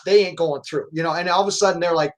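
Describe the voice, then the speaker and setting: A man's voice: on the high side, fairly even intonation, fast, very noisy. A man in casual chat on a poker stream, rambling with many restarts.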